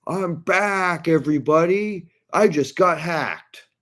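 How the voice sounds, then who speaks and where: A man putting on a whining male streamer, exaggerated sick groans, voice pushed up high, slow drawn-out complaints. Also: fairly bright tone. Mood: mocking. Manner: exaggerated mocking whine. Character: whiny male internet streamer faking illness.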